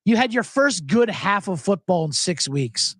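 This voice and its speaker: A man's voice: sits high, very animated, normal speed, fairly bright tone, no room sound, studio quality. A man hosting a sports betting podcast, rambling and joking profanely in a casual monologue. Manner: profane, joking, rambling, breaks into mock impressions.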